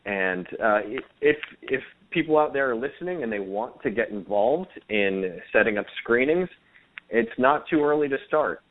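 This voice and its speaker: A man's voice: mid-range voice, expressive, moderate pace. A man speaking as a guest on a radio talk show, earnest and hesitant, with frequent fillers. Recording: tinny phone-line sound.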